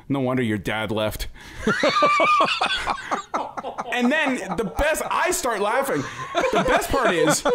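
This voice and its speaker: A man's voice: high voice, heavy background noise. A middle-aged man hosting a podcast, telling funny stories about his kids in casual chat, swearing freely and laughing often. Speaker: podcast host.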